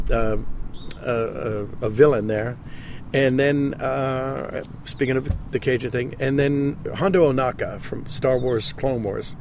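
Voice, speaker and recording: A man in his sixties, a voice actor speaking in a casual interview, halting and often repeating his words. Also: mid-range voice, a little hiss or hum. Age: 60s. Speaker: voice actor guest.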